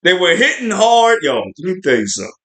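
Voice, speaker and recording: A man's voice: high voice, big pitch swings, fairly quick, fairly bright tone. A man hosting a podcast livestream, reviewing a show in a chatty, rambling way with lots of fillers. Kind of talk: casual spoiler review livestream.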